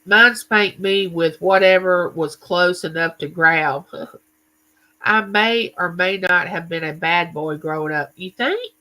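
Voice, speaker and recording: A man's voice: high-pitched, takes it slowly, sharp tone, rough recording. Chatty man hosting a live chat. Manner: chatty, tells stories and greets viewers by name. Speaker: livestream host. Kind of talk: casual livestream chat.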